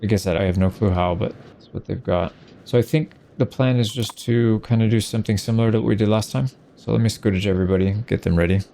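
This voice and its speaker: A man's voice: lowish voice, fairly even intonation, fast, gravelly, dark tone, a little hiss or hum. A man hosting a let's play, casually thinking aloud and puzzling over his moves in a strategy game. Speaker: gaming channel host.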